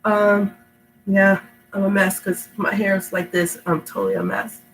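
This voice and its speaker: A middle-aged woman reads children's stories aloud at home while sounding sick and stuffed up. Between stories she rambles in an affectionate, chatty way and laughs easily. Her voice is middle-pitched, with a faint hum behind it. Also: big pitch swings, moderate pace, low-quality recording. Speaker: storytime reader. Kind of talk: reading aloud to kids, then casual chat. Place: home indoors.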